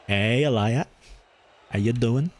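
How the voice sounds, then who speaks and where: A man streaming a game, chatting casually and thinking aloud as he plays, with his pitch jumping up when something surprises him. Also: slow pace, darkish tone. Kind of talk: casual gameplay commentary.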